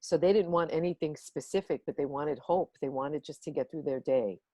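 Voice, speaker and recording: A woman telling a personal story to a workshop on a video call, animated and acting out the voices in it. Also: low-pitched, normal speed, no echo. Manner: animated, acts out the voices in her stories. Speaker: workshop guest speaker.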